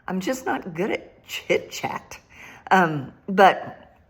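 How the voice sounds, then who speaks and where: A woman's voice: fairly low pitch, animated, drawn-out words, slightly rough. An older woman and grandmother giving a casual devotional talk, laughing often and repeating phrases for emphasis. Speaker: Christian speaker.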